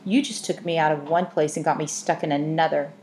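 A woman's voice: low-pitched, fairly even intonation, fairly quick, darkish tone, close to an everyday voice. Woman putting on a sulky little boy. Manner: sullen, accusing. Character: small bratty boy, sulky and reproachful. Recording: echoey room, faint hiss.

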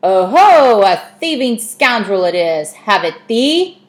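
A woman's voice: mid-range voice, big pitch swings, slow, voice pushed up. A woman voicing a swaggering male cat who plays at being a pirate, speaking in old-fashioned pirate talk. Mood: gleeful attack.

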